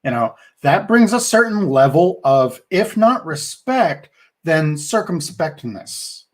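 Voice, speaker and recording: A man co-hosting a podcast, talking in a thoughtful, measured way with frequent restarts. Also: fairly high pitch, big pitch swings. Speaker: podcast co-host. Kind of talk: casual podcast discussion.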